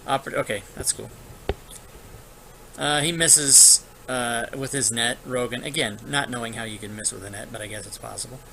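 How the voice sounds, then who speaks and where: A man's voice: mid-range voice, moderate pace, gravelly, sharp tone, slight background noise, low-quality recording. A man running an online tabletop game as dungeon master, narrating monster turns casually with lots of filler. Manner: casual, thinking aloud with frequent filler.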